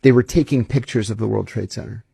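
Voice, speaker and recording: Husky-voiced man telling stories in an interview. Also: fairly low pitch, fast talker, dry recording. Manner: animated, acts out quoted dialogue. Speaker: interview guest, former intelligence officer. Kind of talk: conversational interview storytelling.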